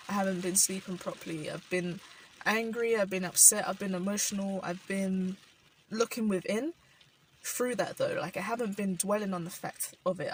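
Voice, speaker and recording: A woman's voice: medium pitch, far from the mic, slight background noise, poor audio. A young woman from South London with a London accent, talking thoughtfully in a personal vlog, with many "like" fillers. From South London, England. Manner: thoughtful, frequent "like" fillers, soft laughs. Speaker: vlogger. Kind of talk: reflective personal monologue. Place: indoors while rain falls outside.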